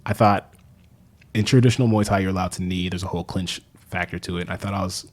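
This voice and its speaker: A young man telling stories in a casual podcast chat, animated and swearing freely, laughing often. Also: low-pitched, fast. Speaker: podcast guest, fiction writer. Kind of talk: casual conversation.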